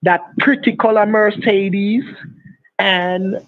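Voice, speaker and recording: A man's voice: sits high, fairly even intonation, takes it slowly, dry recording. A man with a Jamaican accent, taunting and threatening over and over in a heated phone argument. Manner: taunting, threatening, repeats insults. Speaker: phone scammer. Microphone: phone call. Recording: dry tinny phone line.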